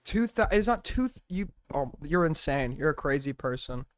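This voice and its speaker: A man's voice: a little high, lively intonation, normal speed, no room sound. A man hosting a live stream, mocking what he watches in profane, ranting commentary. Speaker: streamer host.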